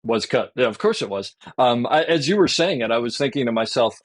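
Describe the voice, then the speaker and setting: A man's voice: medium pitch, expressive, brisk. A man hosting a podcast interview in a casual tone, responding with short, encouraging remarks. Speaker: podcast host.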